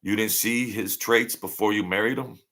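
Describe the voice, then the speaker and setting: Gravelly, blunt rambling man. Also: lowish voice, fairly even intonation, normal speed, pushed and bright. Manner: blunt, rambling, repeats himself. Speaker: livestream host. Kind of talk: casual livestream chat.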